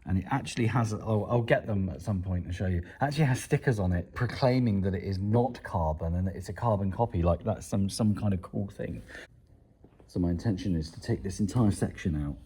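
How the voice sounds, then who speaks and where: A man's voice: low-pitched, brisk, warm tone, breathy edge. A man, a motorcycle mechanic, talking through a project bike in a casual workshop vlog with a wry, self-deprecating manner. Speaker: motorcycle mechanic and video maker.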